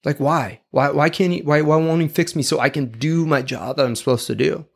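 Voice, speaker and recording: A leaking clay jar full of self-doubt , as a man puts it on pleads in a slightly raised, gravelly voice. It is plaintive and pleading, a humble figure in a storybook parable. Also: on the high side, steady tone, a little fast, pitched above the performer's own voice.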